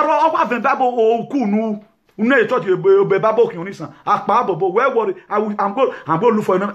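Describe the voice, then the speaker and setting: Fiery high-voiced man. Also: a bit bright, highs cut off. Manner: fiery, lecturing, mixes English with Yoruba and pidgin. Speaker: activist host. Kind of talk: impassioned talk to camera.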